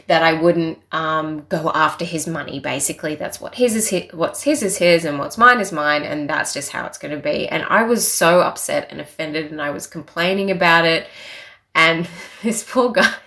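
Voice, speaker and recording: A woman's voice: fairly low pitch, fairly bright tone. A young woman telling a personal story in a casual, chatty way, full of filler words.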